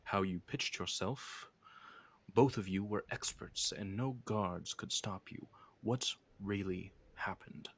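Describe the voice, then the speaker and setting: A man doing a ragged stranger, low-voiced. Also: takes it slowly, a bit bright, exaggerated voice. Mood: probing. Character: hooded man's ragged companion, blunt. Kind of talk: tabletop game role-play.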